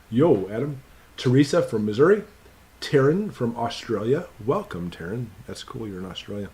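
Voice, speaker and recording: A man's voice: medium pitch, a little mellow. A man hosting a casual live stream Q&A, reading viewers' names off his computer and greeting each one in an upbeat, chatty way.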